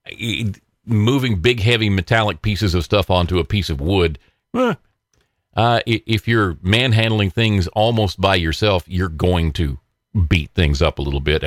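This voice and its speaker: A man's voice: low-pitched, dry recording, clean studio sound. A man hosting his own podcast, talking in a rambling, casual way with many fillers and restarts and frequent chuckles. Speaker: podcast host. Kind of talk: casual solo political podcast monologue.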